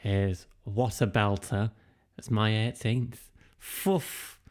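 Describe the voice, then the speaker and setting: A man's voice: medium pitch, steady tone, unhurried, clean tone. A young man, co-hosting a podcast, teasing and giggly in a casual storytelling chat. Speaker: podcast co-host.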